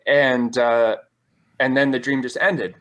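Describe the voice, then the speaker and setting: Guy guest on a call-in show, rambling, says "like" constantly, ordinary middle pitch. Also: fairly even intonation, slow pace, fairly bright tone. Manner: rambling, heavy use of "like" fillers. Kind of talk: casual storytelling on a call-in show.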